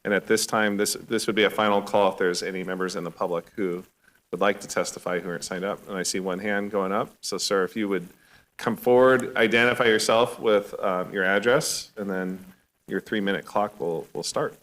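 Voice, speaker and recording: A man with a fairly low voice chairs a public hearing from the council dais. He is polite and procedural, sometimes halting over his words as he calls up speakers. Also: steady tone, fairly bright tone, low-quality recording. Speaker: mayor chairing the meeting. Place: city council chamber.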